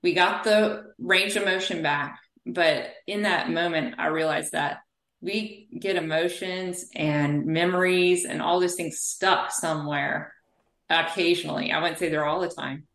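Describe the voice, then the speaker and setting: A woman speaking as an interview guest and physical therapist, telling animated stories in conversation. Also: on the low side, unhurried, roomy sound. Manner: animated storyteller.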